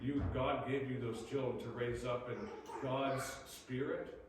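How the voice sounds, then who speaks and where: A male pastor delivers a sermon with lively, animated preaching and acts out the people in his stories. His voice sits at an ordinary pitch. The sound is very echoey and picked up from a distance, with a faint room hum behind him. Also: measured pace.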